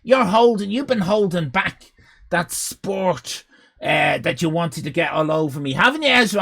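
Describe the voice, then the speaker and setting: Loud, gravelly Irish man in his fifties. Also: high voice, animated, moderate pace. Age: 50s. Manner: mock-outraged, shouting, heavy swearing. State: voice going hoarse. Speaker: live streamer. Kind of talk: loud live-stream banter with chat.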